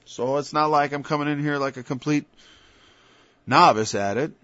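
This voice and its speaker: A man preaching an informal sermon, moving from quiet asides to loud, emphatic passages and quoting scripture in old-fashioned wording. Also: on the high side, moderate pace, dry recording. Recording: dull, lo-fi sound.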